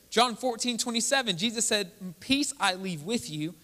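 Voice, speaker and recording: A man's voice: high voice, lively intonation, moderate pace, bright, forceful tone. A man preaching a sermon as pastor, earnest and building to emphatic delivery. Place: church sanctuary. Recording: church hall with long reverb.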